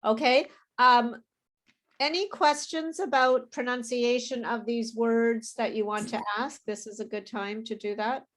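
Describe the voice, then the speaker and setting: A woman leads an English pronunciation lesson at a very unhurried pace. She says each word with care and waits for her students to repeat it, laughing lightly now and then. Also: on the high side, steady tone, fairly bright tone. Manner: patient, slow and repetitive, with light laughs. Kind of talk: live online pronunciation lesson.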